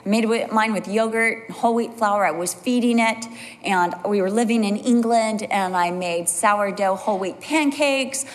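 A woman Bible teacher preaching a sermon in an animated way, leaping up into high exclamations when she acts out what people say. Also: normal speed. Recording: long hall reverb.

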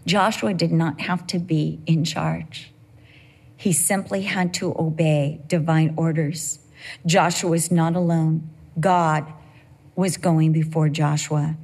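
A middle-aged woman preaching a sermon at church, telling personal stories in an animated, humorous way. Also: sits low, slow, creaky, breathy edge.

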